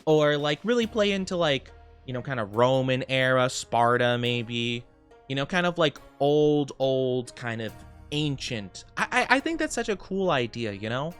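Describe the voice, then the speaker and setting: A man streaming as a VTuber, chatting casually with viewers while he plays and reading chat aloud. He rambles and laughs often, and gets excited when he greets people. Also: mid-range voice, measured pace, clear, resonant tone, faint music behind.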